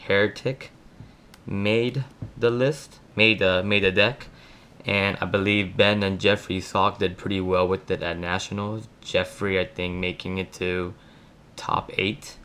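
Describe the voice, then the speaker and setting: Deep-voiced man with a lisp. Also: fairly bright tone, clean tone. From Florida. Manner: talks fast, hesitant with ums. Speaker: card game player. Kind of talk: casual deck profile. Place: home room at night.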